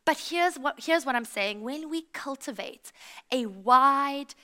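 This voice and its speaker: A South African woman preaching a sermon, telling stories in a lively way and speaking straight to her congregation. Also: high-pitched, measured pace. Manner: lively storytelling, addresses the congregation directly.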